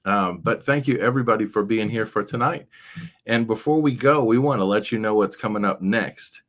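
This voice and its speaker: A man with a fairly low, somewhat bright voice speaks briskly as the host of a casual livestream chat. He rambles along, dropping frequent fillers.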